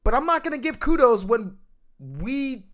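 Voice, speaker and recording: Ranting, animated male podcast host. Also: measured pace. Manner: emphatic, ranting, swings between loud outbursts and low mutters. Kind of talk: casual sports podcast chat.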